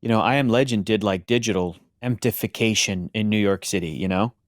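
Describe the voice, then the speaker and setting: A man's voice: fairly low pitch, a little fast, no echo, studio quality. A man co-hosting a movie reaction, chatting casually and joking, with film sound behind. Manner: jokey, puts on mock British voices.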